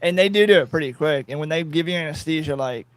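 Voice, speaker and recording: A man's voice: a little high, fast talker, clear, resonant tone, no echo. A man co-hosting a podcast in casual chat, blunt and joking, swearing freely as he tells his story. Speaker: podcast co-host.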